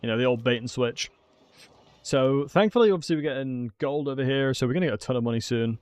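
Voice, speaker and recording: A man giving casual, excitable commentary while streaming a strategy game and talking to his chat. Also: mid-range voice, fast talker. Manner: chatty, excitable, talks to chat.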